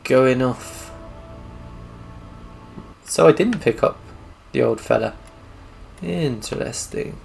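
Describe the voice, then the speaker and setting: A man's voice: mid-range voice, expressive, slow, vocal fry, pauses often. A man casually musing aloud as he plays through a detective video game. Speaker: gamer. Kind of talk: gameplay commentary. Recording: game music behind.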